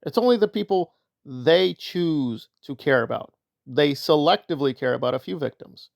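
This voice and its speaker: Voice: mid-range voice, expressive, normal speed, vocal fry, dry recording, studio quality. A commentator giving opinion commentary in a sarcastic, argumentative way.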